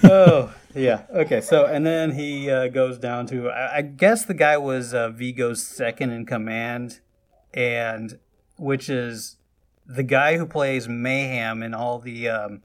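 A man talks through a film plot in loose, rambling chat, stopping to restart his sentences and acting out bits of the dialogue. His voice sits at an ordinary, mid-level pitch for a man. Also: slow pace. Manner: rambling retelling with restarts and quoted lines. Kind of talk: casual chat recapping a movie.

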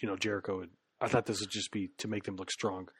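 A man's voice: fairly low pitch, flat delivery, quick pace, fairly bright tone, slightly rough. A man co-hosting a casual podcast, talking in a laid-back, hesitant way with frequent fillers. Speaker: podcast co-host. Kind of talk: casual chat.

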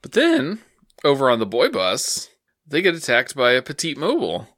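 A man co-hosting a casual podcast, recapping an anime episode in a relaxed, dry way. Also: medium pitch, moderate pace, no echo. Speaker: podcast co-host.

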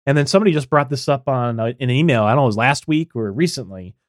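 A man co-hosting a podcast, talking in a blunt, opinionated way with plenty of filler words. His pitch swings widely as he talks. The sound is dry and close to the mic. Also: animated, fast talker, no room sound. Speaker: podcast co-host. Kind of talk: casual podcast chat.

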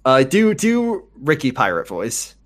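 A man co-hosting a comedy podcast who talks casually, with excitable, swearing outbursts. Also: medium pitch, measured pace. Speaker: podcast co-host.

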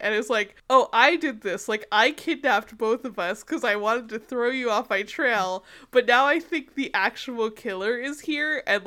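A woman co-hosting a podcast who gives a fast, animated recap of a TV episode, laughing and saying "like" a lot. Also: on the high side. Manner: animated retelling, heavy use of 'like', frequent laughter. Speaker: podcast co-host.

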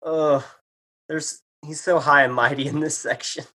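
A man's voice: a little high, steady tone, measured pace, sharp tone, slightly rough. A man co-hosting a casual book discussion podcast, rambling and full of filler words. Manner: rambling, many filler likes. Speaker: podcast co-host.

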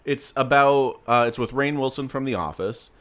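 A man's voice: mid-range voice, moderate pace, fairly bright tone. A young man co-hosting a casual podcast chat, laughing often and rambling through asides that trail off. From South Florida. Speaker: podcast co-host.

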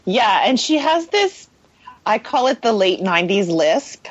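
A woman co-hosting a casual podcast chat, talking fast with quick asides and frequent laughs. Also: mid-range voice, very animated, breathy edge, dry recording, dull audio. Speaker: podcast co-host.

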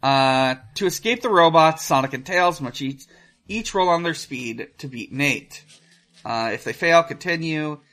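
A man co-hosting a podcast, chatting casually and reading a gamebook aloud with loose, halting phrasing and plenty of swearing. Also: fairly high pitch, expressive, fairly bright tone. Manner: loose and profane, halting with restarts and fillers while reading.

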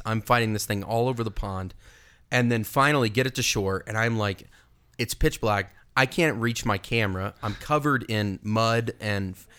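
A man, a priest co-hosting a podcast, telling an animated, self-mocking story in casual chat. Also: on the low side.

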